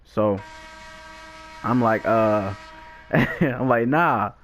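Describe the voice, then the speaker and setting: A young man telling a lively, slangy storytime with frequent laughs, chatting while he plays a video game. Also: mid-range voice, moderate pace, slight background noise. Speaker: gaming YouTuber.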